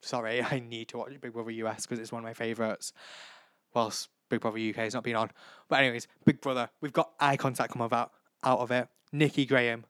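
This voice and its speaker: A man's voice: medium pitch, level tone, fast, fairly bright tone, no room sound, studio quality. A young man hosting a solo podcast, gushing and rambling and swearing freely. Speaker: podcast host. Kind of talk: casual solo podcast chat.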